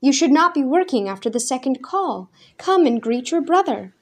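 A woman reading the part of a frail, very old grandmother with a quavering, fussy voice, raising her pitch for her. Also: sing-song, normal speed. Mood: fussing. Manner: quavering, fussing.

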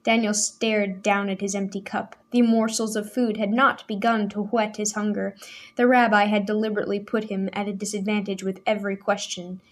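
A woman reading a novel aloud in measured, scripted storytelling narration. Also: medium pitch, little pitch movement. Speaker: audiobook narrator.

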